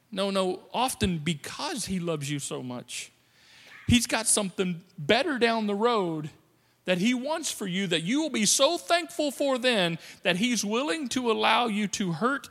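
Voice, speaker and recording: A male pastor with a high, pushed, bright voice preaches a sermon in a conversational, playful style, often acting out quotes in different voices. The recording has a long hall reverb.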